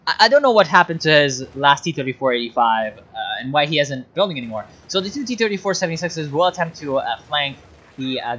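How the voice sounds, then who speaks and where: Animated, exasperated game caster. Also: mid-range voice, dull audio. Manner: explains mechanics, then breaks into exasperated shouting at players. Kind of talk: replay commentary of a strategy game.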